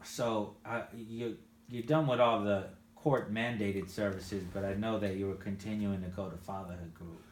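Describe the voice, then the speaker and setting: A man interviewing a father he worked with, asking gentle leading questions with frequent restarts. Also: lowish voice, fairly even intonation, moderate pace, hardly any pauses, reverberant, a little hiss or hum. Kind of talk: casual interview.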